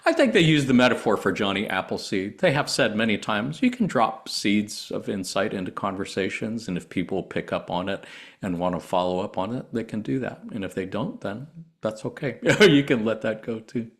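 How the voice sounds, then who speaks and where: A man hosting a spiritual discussion podcast, speaking in a thoughtful, measured way with some hesitations. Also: fairly low pitch, animated. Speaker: podcast host.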